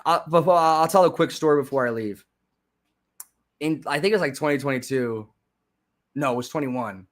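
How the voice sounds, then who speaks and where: A young man hosting a live stream, chatting casually and sarcastically, with frequent restarts and sudden loud rants. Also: a little high, moderate pace, pauses often. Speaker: livestream host.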